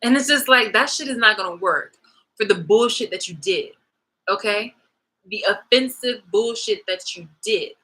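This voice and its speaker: Bright-voiced woman ranting on camera. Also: medium pitch, normal speed, rough recording. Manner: heated and profane, repeats and restarts phrases. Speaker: vlogger. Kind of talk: casual monologue rant.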